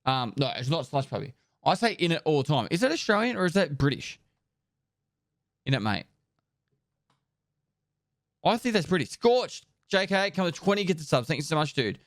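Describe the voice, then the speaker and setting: A man streaming live, casually chatting and rattling off viewer names and thanks in quick bursts, loose and joking with the odd swear, into a close desk microphone. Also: a little high, sing-song, no echo. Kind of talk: casual live-stream chat, reading out subscriber thank-yous.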